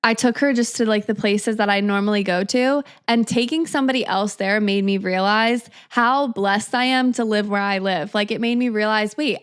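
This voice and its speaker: A woman's voice: on the high side, smooth. A woman in her twenties hosting a solo podcast, talking in an upbeat, chatty way with lots of casual fillers. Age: 20s. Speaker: podcast host.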